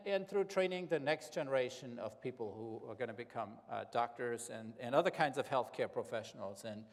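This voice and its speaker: A middle-aged man with a German accent giving a relaxed public lecture as a psychiatry professor, joking and using many filler words. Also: mid-range voice. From Alps. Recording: lecture hall reverb.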